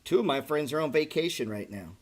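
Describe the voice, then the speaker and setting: Speaking a little fast with lively intonation and a fairly high pitch, this trading channel host keeps his livestream chat casual and blunt. The middle-aged man swears a lot and addresses viewers as "bro" and "man."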